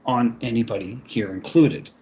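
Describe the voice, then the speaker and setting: A man's voice: medium pitch, moderate pace, darkish tone. A man speaking bluntly and swearing in casual chat on an online call. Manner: blunt, swearing, hesitant opinions. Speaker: participant in an online hangout. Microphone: online call mic. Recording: dull call audio with faint hiss.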